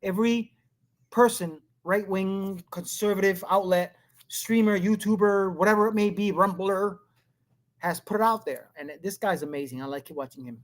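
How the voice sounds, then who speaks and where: Male host, casual commentary, rambling and blunt, quick to laugh. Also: sits high. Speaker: show host.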